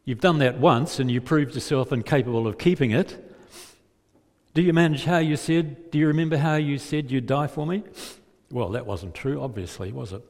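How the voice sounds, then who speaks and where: A male preacher voicing Jesus as a calm, patient teacher who asks searching questions, heard with long hall reverb. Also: mid-range voice, moderate pace, natural voice. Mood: urgent pleading.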